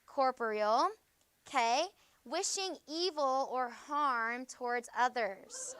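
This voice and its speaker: Woman teacher, young, brisk, says okay constantly, smooth clear voice, fairly high. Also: fairly bright tone, no room sound. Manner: brisk, peppers talk with "okay?". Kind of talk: classroom vocabulary review. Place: school classroom.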